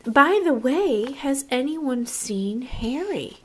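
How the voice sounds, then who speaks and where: A woman's voice: sits high, animated, takes it slowly, a bit bright, slight background noise, voice pushed up, full character voice. A woman reading a picture book aloud, voicing a puzzled member of the dog's family who asks bewildered questions in a raised voice. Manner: bewildered, exclaiming.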